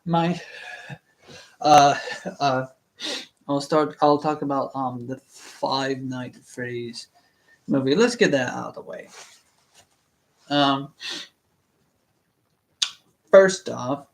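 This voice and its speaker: With a medium-pitched voice, a young man talks slowly and leaves long pauses while hosting a relaxed book reading stream. His chat meanders, packed with stammering, fillers, and restarts.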